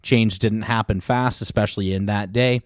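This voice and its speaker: A man's voice: lowish voice, steady tone, moderate pace, no room sound, clean studio sound. A man co-hosting a podcast, explaining history in a rambling casual chat full of asides. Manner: rambling, with many fillers and asides. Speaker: podcast co-host.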